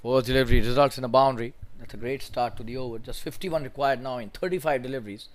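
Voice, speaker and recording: A man calling a cricket match live, calm and measured between balls and rising sharply in pitch and volume when the action heats up. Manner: calm, measured calls that jump high and loud on big moments. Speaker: cricket commentator.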